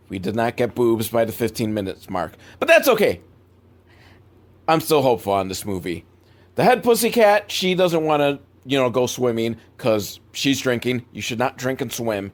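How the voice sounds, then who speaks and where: Rambling, profane male movie reviewer. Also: mid-range voice. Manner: rambling, profane, laughs at bad filmmaking. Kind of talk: casual rambling movie recap.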